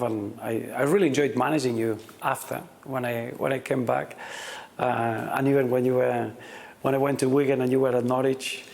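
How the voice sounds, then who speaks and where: A man's voice: mid-range voice, creaky, a little mellow. A middle-aged man, a football manager, giving reflective interview answers and often repeating words as he starts his sentences.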